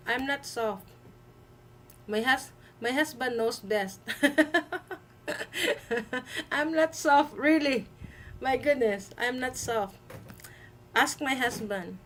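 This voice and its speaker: Woman host, high voice, slow emphatic delivery, light noise behind. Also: low-quality recording. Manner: emphatic, repeats herself, halting with fillers. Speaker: livestream host. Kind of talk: live-stream commentary.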